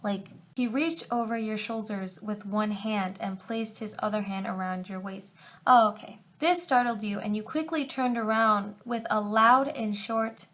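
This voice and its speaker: A young woman reading fanfiction aloud for comedy, breaking off into sarcastic asides, dropping into whispers and jumping to loud outbursts. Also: medium pitch, fairly even intonation, measured pace.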